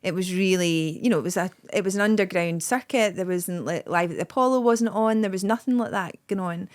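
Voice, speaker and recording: A woman's voice: fairly low pitch, a little fast. A Scottish woman in her forties, a comedian guest, telling rambling anecdotes in casual podcast chat with many restarts.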